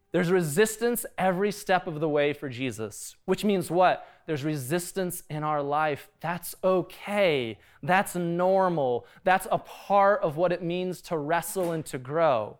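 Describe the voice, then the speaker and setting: A pastor with a smooth, slightly high voice delivers a conversational sermon, asking the congregation questions.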